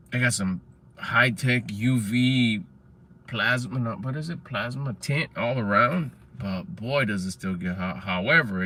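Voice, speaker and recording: A man's voice: on the low side, bright, forceful tone, slight background noise. A man livestreaming from his car in a casual, chatty way, swearing freely and answering comments from his chat. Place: parked car.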